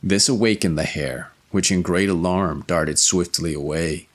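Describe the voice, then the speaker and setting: A man narrating a fairy tale in an expressive storybook reading. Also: low voice, a little slow.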